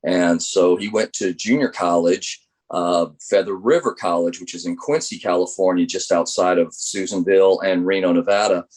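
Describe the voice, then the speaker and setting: Deep-voiced middle-aged male baseball coach. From United States. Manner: animated storyteller acting out quoted dialogue. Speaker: college baseball assistant coach. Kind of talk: interview storytelling.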